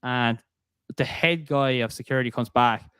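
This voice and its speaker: A young man with an Irish accent hosts a casual podcast, telling stories with easy laughter. His voice is smooth and resonant, recorded close and dry with no room sound. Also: mid-range voice, moderate pace, fairly bright tone, dry recording. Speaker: podcast host. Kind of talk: casual podcast chat, storytelling.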